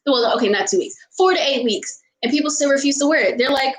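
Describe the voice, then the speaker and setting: An American vlogger with a high voice talks fast while casually answering her viewers' questions. She rants in exasperation, laughs a lot, and keeps apologizing. The audio is low quality and reverberant.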